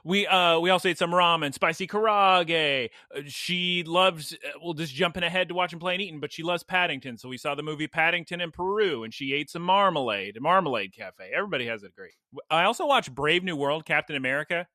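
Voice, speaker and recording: Bright, excitable young man chatting. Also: on the high side, fairly quick, no room sound. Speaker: podcast co-host. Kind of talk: casual chat.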